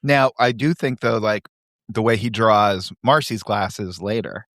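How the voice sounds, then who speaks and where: A man's voice: fairly low pitch, a little slow, no echo, studio quality. A man co-hosting a podcast in casual chat, reading comic strips aloud and laughing along, with faint music behind. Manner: animated, laughs while reading. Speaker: podcast co-host.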